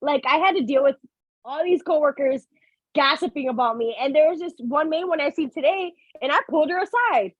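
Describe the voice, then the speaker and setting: A woman co-hosting a podcast, chatty and quick to laugh in casual talk. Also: high voice, no echo, dull audio. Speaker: podcast co-host. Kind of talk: casual chat.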